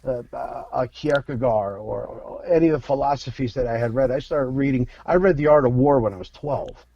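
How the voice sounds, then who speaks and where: A man's voice: mid-range voice, moderate pace, gravelly, warm tone, muffled recording. A man from Philadelphia, an actor guesting on a podcast, talking frankly with profanity and telling stories. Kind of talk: candid interview talk.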